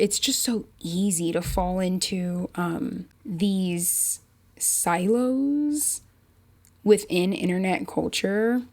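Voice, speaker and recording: A woman hosting her own podcast, thinking out loud in a rambling, unpolished way full of fillers. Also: mid-range voice. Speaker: podcast host. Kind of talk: casual solo podcast chat.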